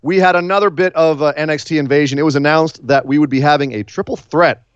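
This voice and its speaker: A man co-hosting a casual wrestling podcast, excitable and jokey, laughing often. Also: fairly high pitch, fast, smooth, dull audio. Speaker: podcast co-host.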